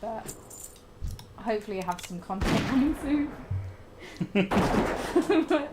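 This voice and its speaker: A woman's voice: mid-range voice, expressive, moderate pace, very noisy. A woman chatting casually and teasing while streaming a game, giggly and self-mocking. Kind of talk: casual chat while gaming. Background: loud game music.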